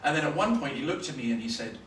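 A Scottish man preaching a sermon, telling stories with sudden loud bursts of emphasis. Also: mid-range voice, lively intonation, quick pace. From Scotland. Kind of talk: sermon with anecdotes. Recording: roomy, from far off, faint noise.

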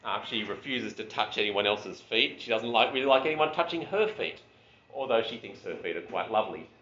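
A man preaching a sermon in a conversational, animated way, with asides about his family. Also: on the low side, fairly quick. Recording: roomy, dull sound.

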